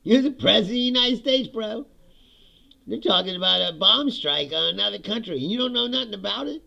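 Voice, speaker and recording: A man's voice: sits high, expressive, a little fast, creaky, sharp tone, dull audio. A man doing a casual political rant, sarcastic and profane, laughing often between points. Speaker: political commentary host.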